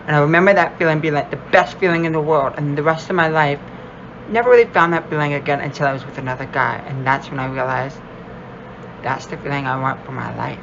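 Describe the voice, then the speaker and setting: A man gently telling a heartfelt personal story to camera. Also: on the high side, fast, gravelly, muffled recording, noisy background. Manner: soft, heartfelt, reflective.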